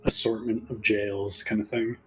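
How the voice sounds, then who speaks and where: A man's voice: lowish voice, flat delivery, normal speed, a bit bright, rough recording. A man playing a tabletop game, chatting casually and thinking aloud. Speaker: player.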